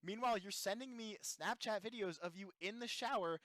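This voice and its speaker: A man's voice: sits high, a little fast, a bit bright, no room sound, low-quality recording. Young male co-host, self-deprecating storyteller, mid-range voice, dry close sound. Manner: laughs often, self-deprecating. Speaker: podcast co-host. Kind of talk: casual storytelling chat.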